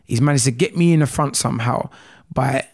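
Gravelly guy in his 30s rambling through his story, repeats himself a lot. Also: medium pitch, brisk, darkish tone. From England. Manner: rambling, emotional, repeats phrases. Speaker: interview guest. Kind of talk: candid storytelling.

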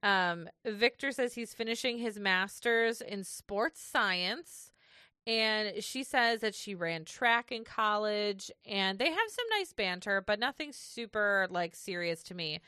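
A woman's voice: medium pitch, lively intonation, slow pace, sharp tone, clean tone, no echo, clean studio sound. A woman co-hosting a podcast, chatting casually through a recap and laughing easily as she reads from her notes. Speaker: podcast co-host.

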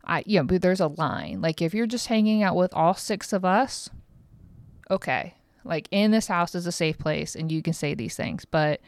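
A woman's voice: on the low side, lively intonation, normal speed, no echo. A mother in her thirties hosting a podcast, rambling frankly and swearing casually in a loose, chatty monologue. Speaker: podcast host.

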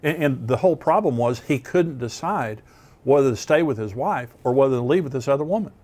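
A man's voice: medium pitch, lively intonation, fairly quick, dark tone. A man preaching as a pastor, giving earnest, plain-spoken teaching with some restarts. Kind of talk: sermon.

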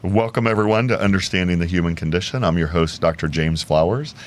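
Lowish-voiced guy hosting a podcast, super enthusiastic, laughs a lot, video call sound. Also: fast, music in the background. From Houston, Texas. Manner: upbeat, enthusiastic, laughs often. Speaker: podcast host. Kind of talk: casual interview chat.

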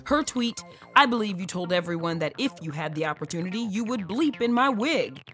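A woman's voice: mid-range voice, lively intonation, a little fast, fairly bright tone, faint music behind. A woman entertainment news anchor reading scripted stories with emphatic delivery.

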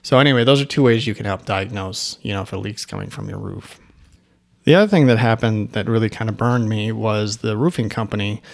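Gravelly man telling a story casually. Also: lowish voice, brisk. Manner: conversational, rambling with restarts and asides. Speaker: agency owner.

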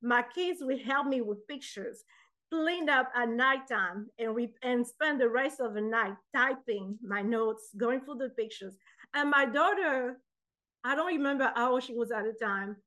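A woman's voice: fairly high pitch, a little slow. A woman guest on an interview show, telling stories casually and acting out the dialogue in them. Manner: animated, acts out dialogue in her anecdotes. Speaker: guest, author and poet.

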